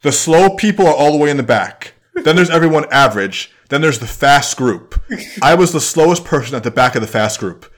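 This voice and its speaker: A young adult man hosting a podcast. He muses reflectively and rambles with restarts, and he drops into quick put-on voices. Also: fairly high pitch, expressive. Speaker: podcast host. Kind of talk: casual chat.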